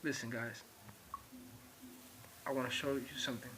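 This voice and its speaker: A man's voice: mid-range voice, fairly even intonation, normal speed, background noise. A man giving an informal religious lecture, repeating points and speaking straight to his viewers. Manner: emphatic, repetitive, addresses viewers directly. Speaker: religious teacher.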